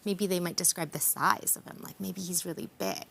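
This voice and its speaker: A woman's voice: fairly low pitch, brisk, vocal fry, fairly bright tone, husky. A woman counsellor explaining her ideas in a friendly, conversational way during a morning news interview. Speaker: counsellor and author guest.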